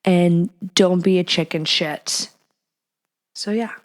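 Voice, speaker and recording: Speaking slowly and steadily in a fairly low register, the woman hosting this podcast keeps things casual. Her advice is frank and playful, and she occasionally lowers her voice to a whisper or acts out quoted lines.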